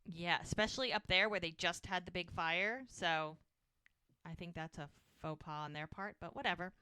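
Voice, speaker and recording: Bright-voiced woman recapping a TV episode. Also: fairly low pitch, normal speed, smooth, dry recording. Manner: animated storyteller, chatty asides. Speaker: podcast co-host.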